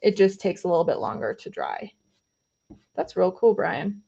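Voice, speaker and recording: A woman hosts an art live stream, casually talking through her pastel painting and reading viewers' comments, filling gaps with lots of fillers. She has a lowish, warm, sing-song voice with vocal fry and a normal speed. The audio is lo-fi and a bit dull.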